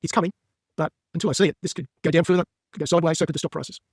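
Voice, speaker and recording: A man giving members a brisk, emphatic market update while walking through stock charts. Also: a little high, fairly even intonation, husky, dry recording, studio quality. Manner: brisk and emphatic, plain-spoken.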